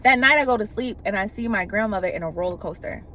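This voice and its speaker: A woman's voice: medium pitch, fast, pushed and bright. A woman with a mid-range voice talks frankly and emphatically, dropping the odd curse word. She slips into the voices of the people in her stories. A faint hum of a vehicle sits behind her. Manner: candid and emphatic, with casual profanity; retells scenes by acting out quoted speech. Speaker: vlogger sharing spiritual experiences. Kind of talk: casual storytelling monologue.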